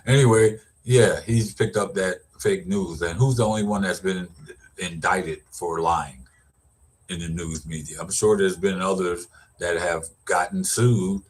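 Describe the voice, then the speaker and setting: A man's voice: low voice, a little slow, breathy edge. A middle-aged man, an educator, giving casual, rambling commentary with lots of restarts and repeated words. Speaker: vlogger, educator.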